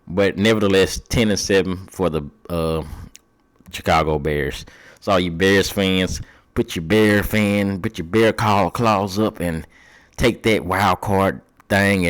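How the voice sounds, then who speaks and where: A young man hosting a podcast, chatting loosely through sports predictions in slangy, profane talk, thinking aloud as he goes. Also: low voice. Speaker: podcast host.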